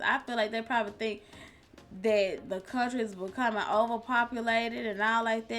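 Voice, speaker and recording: A woman's voice: on the high side, bright, forceful tone. A woman streamer giving casual, blunt and exasperated commentary in colloquial speech. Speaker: reaction streamer.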